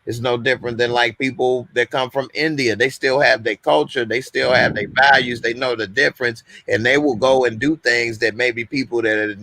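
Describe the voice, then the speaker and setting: A man hosts a live call-in stream, chatting loosely and going on at length in a casual conversation. His voice is medium in pitch with fairly even intonation, a sharp tone, normal speed, and few pauses.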